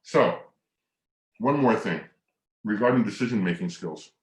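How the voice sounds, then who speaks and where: Earnest low-voiced male presenter. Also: echoey room. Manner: earnest, slow and reflective, drops to near whisper on mantras; leads hand exercises with lively coaching cues. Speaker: presenter of an online masterclass. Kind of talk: motivational teaching talk.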